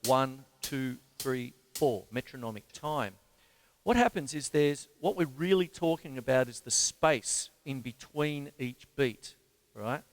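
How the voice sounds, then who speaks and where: Australian drum teacher counting beats aloud. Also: male voice, mid-range voice, animated, slow pace. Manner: counts beats aloud in rhythm, chatty with fillers. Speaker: drum teacher and show host. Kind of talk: casual drum lesson talk. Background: drum kit playing.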